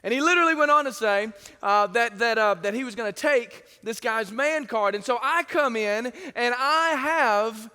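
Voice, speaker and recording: A male pastor with a very high, bright voice delivers a sermon full of stories. He tells them in a lively way and drops into the voices of others. The sound carries a long reverb from the church sanctuary. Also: normal speed, hardly any pauses, clean tone. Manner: lively storytelling, acts out quoted voices. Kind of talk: sermon with anecdotes.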